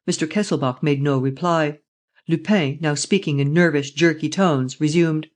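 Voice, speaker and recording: A man reading a classic novel aloud as an audiobook narrator, voicing each character himself. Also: moderate pace. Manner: reads every part himself, changing pitch for the characters.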